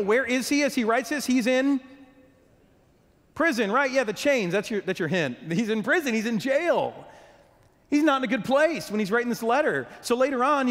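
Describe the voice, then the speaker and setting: A pastor with a very high, slightly bright voice preaches a sermon in a church hall with long reverb. He's earnest, frequently restarting and repeating words as he goes.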